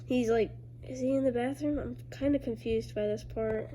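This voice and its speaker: A woman casually walking through her own homemade comics, rambling and full of fillers, now and then bursting into loud high character voices. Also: steady tone, moderate pace, slight background noise. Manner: rambling, filler-heavy, loose storytelling. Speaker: creator reading own comics. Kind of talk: casual chat.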